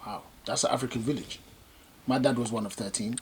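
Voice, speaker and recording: A man's voice: mid-range voice, a little fast, a little hiss or hum. A man, co-hosting a podcast in casual, slangy chat and laughing often. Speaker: podcast co-host.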